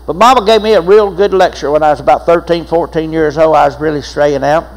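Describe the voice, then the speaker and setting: A man's voice: a little high, fast, low-quality recording. An older man, preaching a sermon as pastor, telling folksy stories with laughs and repeated phrases.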